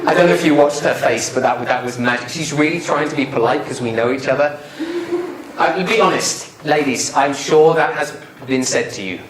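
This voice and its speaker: A man's voice: mid-range voice, normal speed. A man giving a live public speaking presentation, joking and questioning the audience in a lecture room. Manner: playful, joking, quizzes the audience. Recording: roomy hall sound, faint noise.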